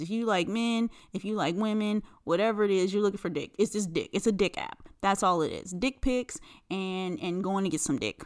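Profane, animated podcast woman ranting. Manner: profane, blunt and sarcastic; animated, pitch jumps high when incredulous. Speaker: podcast host. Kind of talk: casual solo podcast rant.

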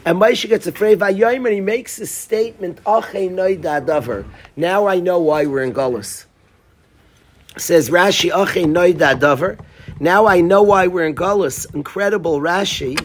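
Husky high-voiced man teaching Torah. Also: moderate pace. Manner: animated, acts out quoted lines, restarts often. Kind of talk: casual Torah class.

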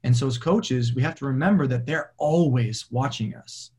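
Husky-voiced, lively male football coach. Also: mid-range voice, normal speed. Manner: animated, acts out quoted voices, laughs often. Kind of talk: storytelling in a podcast interview.

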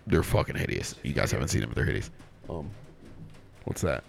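Deep, gravelly podcast co-host. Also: male voice, sing-song, brisk, a little hiss or hum. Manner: laid-back, swearing, full of fillers. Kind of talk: casual chat.

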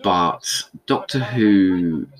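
A man's voice: sits low, extremely slow, low-quality recording. A man giving a casual, rambling commentary on an old episode, thinking aloud as he goes.

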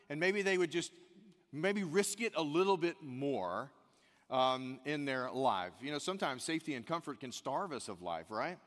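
A man's voice: on the high side, a bit bright. A man preaching a church sermon, earnest and repeating key phrases for emphasis. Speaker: pastor. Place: church service. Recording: long hall reverb.

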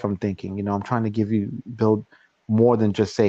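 A man's voice: fairly low pitch, level tone, brisk, mellow, no echo. Man telling a story on a podcast. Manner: storytelling, acting out both sides of a quarrel. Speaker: podcast host. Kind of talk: casual chat. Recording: dull, dry lo-fi recording.

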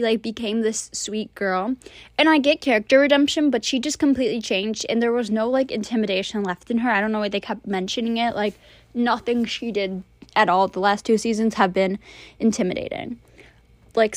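A woman's voice: on the high side, steady tone, fairly quick, no echo. A young woman chatting casually as she reviews movies and shows, rambling and blunt with lots of fillers. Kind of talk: casual monthly review chat.

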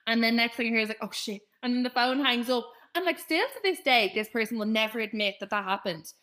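Young woman, podcast co-host, lively swearing storyteller, bright, slightly high voice. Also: quick pace. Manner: animated, swearing, laughing storyteller. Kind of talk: casual storytelling chat.

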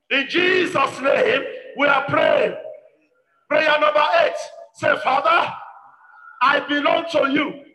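High, bright-voiced pastor shouting prayers. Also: male voice, gravelly. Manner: shouted, repetitive commanding prayer. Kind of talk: sermon with fervent prayer. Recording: echoey hall with long reverb.

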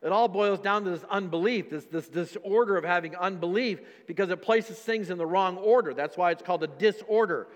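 A man's voice: high voice, brisk, hardly any pauses, in a large hall. A man, a pastor, preaching a dynamic sermon and calling out to his congregation as church.

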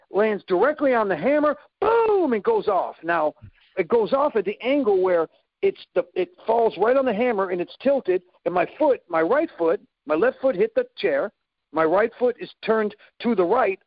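A man telling a story in a casual chat, animated, acting out sound effects and quoted lines. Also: sits high, normal speed, vocal fry, no room sound, narrow, tinny audio.

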